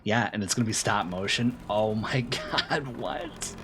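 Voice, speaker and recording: A man streaming a game, chatting casually with viewers and breaking into loud, excited outbursts between low mumbles. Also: unhurried, noisy background. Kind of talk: casual live-stream chat.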